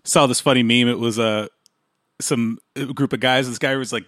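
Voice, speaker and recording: A man's voice: mid-range voice, steady tone, moderate pace, fairly bright tone, no echo, studio quality. A man co-hosting a casual podcast chat, rambling and trailing off with chuckles.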